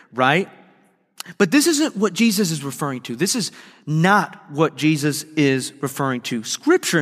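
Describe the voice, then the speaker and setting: A man preaching a sermon earnestly, slowing down and stretching key phrases for emphasis. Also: a little high, fairly bright tone. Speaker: pastor. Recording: long hall reverb.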